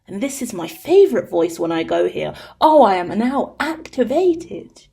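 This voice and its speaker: A woman's voice: medium pitch, very animated, a little slow, creaky, mellow. A woman putting on a theatrical nature-documentary narrator voice, speaking grandly. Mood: grandiose. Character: mock nature-documentary narrator, man-versus-machine voice.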